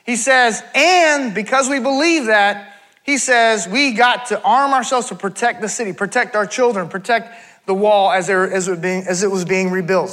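Male pastor, high bright voice, conversational sermon with casual asides. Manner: conversational preaching with asides and self-corrections. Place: church.

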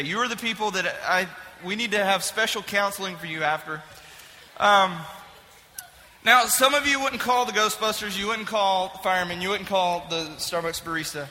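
A man with a very high, sharp, bright voice delivers a comic sermon illustration to a live audience. He is animated and jokey, often shouting for emphasis. The sound carries through a reverberant hall with faint background noise. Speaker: speaker addressing a live audience.

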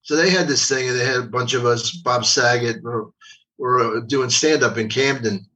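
Rambling older comedian from Philly. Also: male voice, mid-range voice, moderate pace, pushed and bright. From Philadelphia. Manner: rambling, repeats words, profane. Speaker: guest comedian. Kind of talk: casual storytelling. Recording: voice from a distance.

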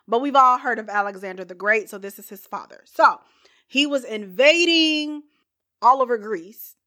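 A woman's voice: medium pitch, pushed and bright. A woman hosting a podcast, casually telling a history story with playful, chatty asides and frequent laughter.

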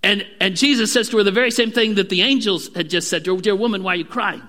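A man preaching a sermon with earnest emphasis, sometimes dropping to a hushed voice. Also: sits high, quick pace. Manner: earnest preaching, drops to a hushed voice at key moments. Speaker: pastor. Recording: long hall reverb.

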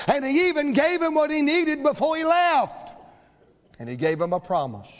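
A man preaching a sermon in a church, rhythmic and building to shouts, acting out the voices in the story. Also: extremely high pitch, very animated, moderate pace. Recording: long hall reverb.

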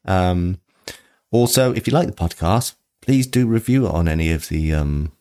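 Very deep-voiced easygoing woman. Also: expressive, normal speed, mellow. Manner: easygoing, supportive, fills gaps with um. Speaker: podcast co-host. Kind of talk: casual chat.

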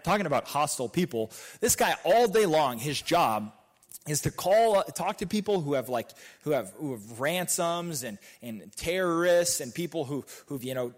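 A young male preacher delivering a sermon with an animated, swooping delivery and a somewhat high voice. He talks casually and with energy, driving his points home through repeated rhetorical questions.

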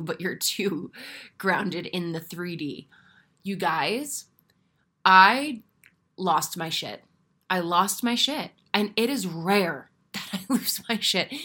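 A young adult woman hosting a podcast, telling a personal story in a candid, animated way with casual swearing. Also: on the low side. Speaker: podcast host. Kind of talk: casual solo podcast monologue.

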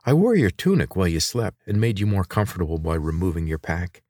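A man voicing a sharp-tongued teenage girl inventor in a read-aloud story, blunt and sarcastic. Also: low-pitched, sing-song, fairly quick, dry recording, clean studio sound. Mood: sarcastic, probing.

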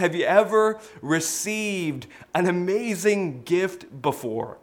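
Energetic male pastor, slightly high voice. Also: unhurried, few pauses, some chatter behind. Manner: energetic storytelling with sudden loud exclaims. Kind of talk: sermon. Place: church.

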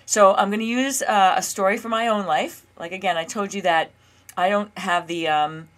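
A woman's voice: medium pitch, moderate pace, fairly bright tone. A woman coaching listeners in a casual monologue, chatty, often checking in with "okay?" and fillers. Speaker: weight loss coach and podcast host.

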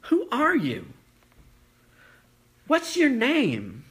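A preacher voicing a nervous, sarcastic man, high and bright with incredulous questions. His voice jumps up in pitch and swings around as he needles for a name. It is animated retelling in a sermon. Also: very slow, exaggerated voice.

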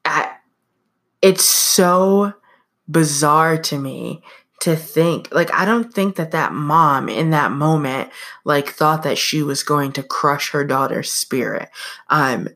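A woman's voice: deep voice, slow, a bit bright. A young adult woman hosting a podcast, telling a personal story in a chatty, casual way with plenty of fillers. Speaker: podcast host.

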